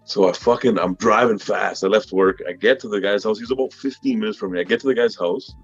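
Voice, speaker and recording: Low husky-voiced man telling stories. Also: quick pace, dull audio, faint music behind. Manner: animated profane storytelling, acts out quotes loudly. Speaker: guest reseller. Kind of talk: casual storytelling chat.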